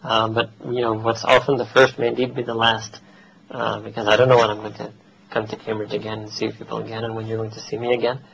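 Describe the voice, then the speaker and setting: A man's voice: lowish voice, monotone, fast talker, vocal fry, fairly bright tone, muffled recording, a little hiss or hum. A man with an American accent giving a religious lecture to a gathering, conversational, slipping into Urdu phrases and laughing at his own asides. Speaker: Islamic teacher.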